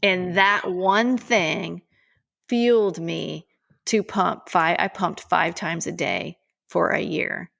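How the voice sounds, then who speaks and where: A woman in her forties, a podcast co-host, telling a personal story in an emphatic, animated way. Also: on the low side, slow pace, gravelly.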